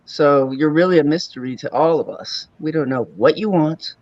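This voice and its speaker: Joking guy ribbing his friends, highish voice, muffled lo-fi sound. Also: moderate pace, darkish tone, dry recording. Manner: joking, teasing, laughs often. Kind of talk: casual chat.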